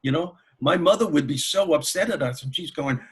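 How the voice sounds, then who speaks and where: A man who is a comedian and motivational speaker, telling anecdotes as a guest in an interview in an animated way. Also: on the high side, a little fast, slightly rough. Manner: animated, anecdotal, laughs while telling stories. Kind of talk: storytelling in an interview.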